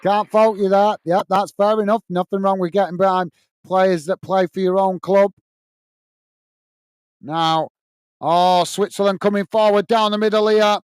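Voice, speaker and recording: Upbeat high-voiced man calling football live. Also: level tone, unhurried, clean tone, no echo. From United Kingdom. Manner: upbeat, reads out viewer messages and calls the play. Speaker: watch-along host. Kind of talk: live football commentary and chat reading.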